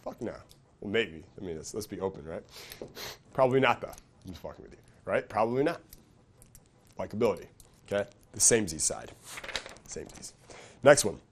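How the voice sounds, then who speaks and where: Lowish-voiced guy coaching a seminar, swears a lot, keeps asking "right?", faint hiss. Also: lively intonation, normal speed, pauses often. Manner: profane, casual, keeps checking in with "okay?" and "right?". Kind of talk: live seminar lecture.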